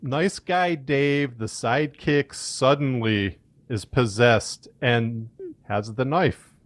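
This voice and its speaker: A man's voice: medium pitch, slow pace, no room sound. A man co-hosting a casual movie-recap chat, telling the story in an amused way. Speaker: podcast co-host.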